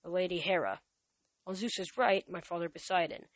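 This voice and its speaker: A woman reading a novel aloud, speaking the characters' lines louder and higher than the narration. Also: moderate pace, no echo. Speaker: reader. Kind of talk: amateur audiobook reading.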